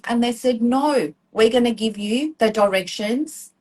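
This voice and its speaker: A woman's voice: a little high, unhurried, a little mellow, poor audio. A woman in her forties with an Australian accent, a hairdresser telling her story in a chatty, rambling way full of ums and acted-out quotes during a live-stream chat. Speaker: hairdresser and student guest.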